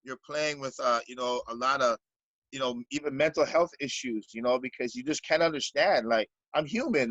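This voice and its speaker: A man's voice: medium pitch, moderate pace, fairly bright tone, no room sound, dull audio. A Canadian basketball coach in a podcast interview, speaking earnestly and stumbling over repeated words as he searches for them.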